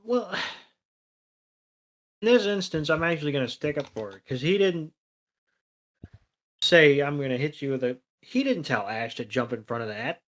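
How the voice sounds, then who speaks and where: A man's voice: on the high side, lively intonation, a little slow, long pauses, a bit bright, rough recording. A man co-hosting a podcast, recapping a cartoon episode in crude, sarcastic casual chat. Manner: crude, profane, sarcastic retelling. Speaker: podcast co-host.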